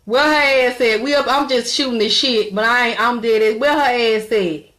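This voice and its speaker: A woman hosts a casual live stream, full of profanity and bursts of laughter. She talks straight to her viewers in a bold, teasing way. Her voice sits a little high. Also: moderate pace, fairly bright tone. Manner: brash, profane, laughing, talks back to a chat.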